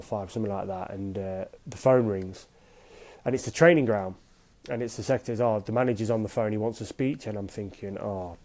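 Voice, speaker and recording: A middle-aged man, a former professional goalkeeper, telling lively anecdotes in a casual interview and acting out the voices of people he quotes. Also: fairly low pitch.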